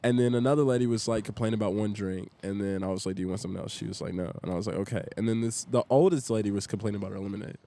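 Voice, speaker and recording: A man's voice: on the low side, racing, hardly any pauses. A young man, a podcast guest, telling a story in casual talk and acting out what everyone said. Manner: animated, acts out the quoted lines in a rush.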